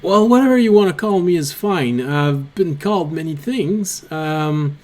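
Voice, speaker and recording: A man's voice: on the high side, animated, measured pace, a little mellow. A man doing a stammering, jittery little kobold. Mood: nervous. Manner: stammering, apologetic. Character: small nervous frail male kobold.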